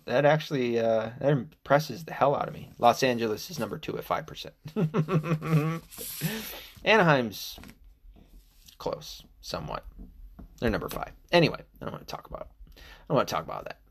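A middle-aged American man talks alone into his podcast mic in a fairly low voice. He rambles, swears freely and drifts off topic. Now and then he jumps into a high, scornful quoting voice. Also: vocal fry. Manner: rambling, profane, jumps to loud mocking quotes. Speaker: podcast host. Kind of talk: casual solo commentary.

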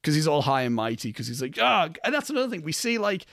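Young man, animated pitch, dry close sound, casual podcast chat, swears and laughs. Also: quick pace, dry recording. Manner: swearing, laughing, acting out characters' lines. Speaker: podcast co-host. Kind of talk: casual film discussion.

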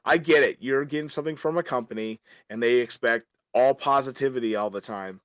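Rambling opinionated podcast host. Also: male voice, mid-range voice, brisk, smooth, no room sound. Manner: rambling, animated opinionated rant with restarts. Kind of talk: casual podcast chat.

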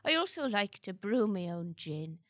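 A woman's voice: medium pitch, big pitch swings, moderate pace, dry recording, clean studio sound, close to an everyday voice. A woman voicing a rambling, mournful old male cockroach farmer with a put-on London accent.

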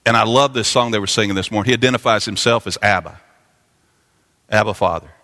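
A man's voice: on the low side, quick pace, sharp tone. Preaching man in a reverberant sanctuary. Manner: preaching with swelling intensity, repeating phrases. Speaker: pastor. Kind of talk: sermon. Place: church sanctuary. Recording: long church reverb.

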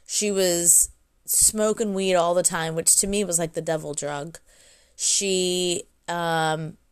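Woman, mid pitch, personal storytelling monologue, blunt, profane, restarts and self-corrections. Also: clean tone. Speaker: adult daughter sharing her story.

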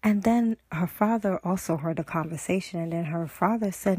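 A woman's voice: on the low side, moderate pace, few pauses, dark tone, husky, no room sound. A woman podcast host casually retelling a TV episode, rambling with lots of "and so" and "you know".

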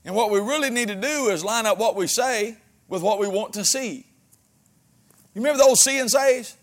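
A man preaching a sermon as pastor, with folksy humor and frequent amens, swinging between loud exhortation and quiet asides. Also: sits high, moderate pace.

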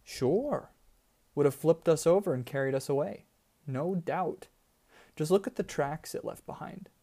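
A man's voice: a little high, unhurried, mellow. A man reading a story, voicing a practical, matter-of-fact woman guide in a slightly raised voice. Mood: animated. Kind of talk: audiobook character voice.

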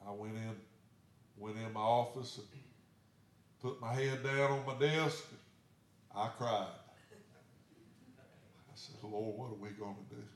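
A man's voice: medium pitch, a little slow, pauses often, a little hiss or hum. A pastor tells his story from the pulpit in a plainspoken, folksy way. His voice sits in a middle range for a man, and it rings through an echoey church sanctuary. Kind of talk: sermon storytelling.

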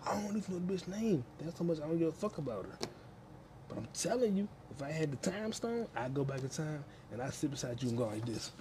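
A man's voice: on the high side, big pitch swings, quick pace, noisy background. A man hosting a crude solo podcast from his home kitchen, rambling, swearing constantly and laughing at his own jokes. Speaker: podcast host.

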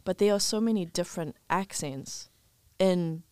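A speaker with a Zimbabwean English accent, chatting casually and wondering aloud. The voice sits in a middle pitch and sounds dry and close to the mic, with nothing of the room around it. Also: moderate pace, darkish tone, clear, resonant tone, no room sound. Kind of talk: casual chat.

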